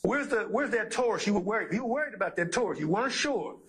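A man's voice: high voice, expressive, quick pace, a bit bright, slight background noise. A man working as a police detective in an interview room, pressing with blunt questions laced with casual profanity.

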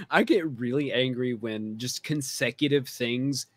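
A man's voice: medium pitch, sing-song, slow, a bit bright. Laughing man hosting a podcast. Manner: laughs often while joking. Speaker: podcast host. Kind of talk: casual chat.

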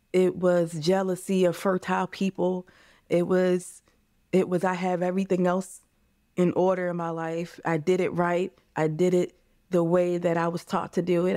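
A woman's voice: fairly low pitch, warm tone, no echo, clean studio sound. A woman in her thirties, a podcast guest talking candidly and earnestly about hard years, often repeating phrases. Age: 30s. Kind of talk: candid interview.

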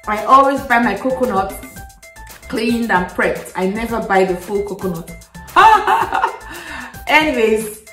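A woman's voice: medium pitch, a bit bright, recorded from a distance. A woman from Nigeria chatting casually to her viewers as a vlogger, laughing often and telling stories with animation. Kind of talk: casual chat to camera. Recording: echoey room, faint music, off-mic.

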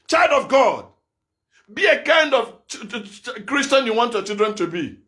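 Preacher guy, really high bright voice, fired up and repeating himself, yells a lot. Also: big pitch swings, normal speed. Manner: impassioned, repetitive, bursts of shouting. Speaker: evangelist preacher. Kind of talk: sermon.

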